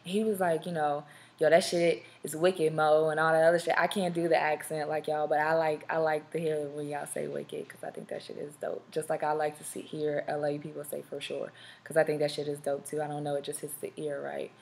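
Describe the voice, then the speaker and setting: A woman's voice: low voice, flat delivery, brisk, creaky. A young woman from Southern California hosting a podcast live, chatting casually to viewers and rambling with fillers and restarts. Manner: chatty, talks straight to viewers. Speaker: podcast host. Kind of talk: casual live-stream chat.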